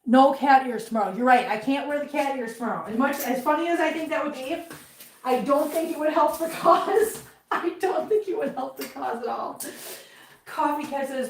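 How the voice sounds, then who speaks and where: A woman's voice: high-pitched, moderate pace, far from the mic, a little hiss or hum. Chatty woman venting off-mic. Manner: chatty, rambling, heated venting. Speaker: livestream host. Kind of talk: casual live chat while cleaning. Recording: roomy, from off-mic.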